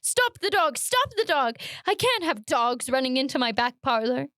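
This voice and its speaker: A woman voices a sinister, oily barber in a read-aloud, speaking slowly and wheedlingly with a sly mood before breaking into shrill outbursts. Her tone is animated and fairly bright, and the sound is dry and close, with no room sound.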